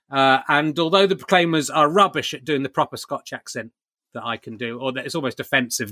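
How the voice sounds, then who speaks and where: A man hosts his podcast from home with a bright, forward voice pitched a touch high. The sound is close and dry, with no room around it. He talks in a wry, self-mocking way and keeps wandering into comic asides. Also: no room sound. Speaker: podcast host. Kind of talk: chatty comic monologue and interview. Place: at home during lockdown.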